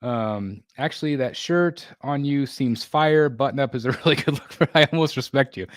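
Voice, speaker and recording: A mid-range male voice, captured in a dry recording with clean studio sound. He's a livestream host in a home room under construction, casually reading viewer comments. His speech is halting, with many fillers, restarts and frequent laughter.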